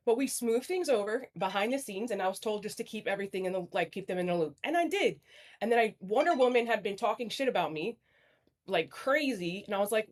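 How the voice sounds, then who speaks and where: A woman's voice: medium pitch, expressive, brisk. A woman talking bluntly and apologetically on a livestream panel over a video call, swearing often. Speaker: stream panel guest. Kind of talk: candid livestream chat.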